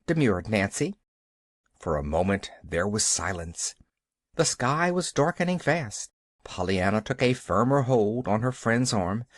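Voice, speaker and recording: An audiobook narrator reading a storybook aloud in an expressive, animated way. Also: mid-range voice, measured pace, dry recording, clean studio sound.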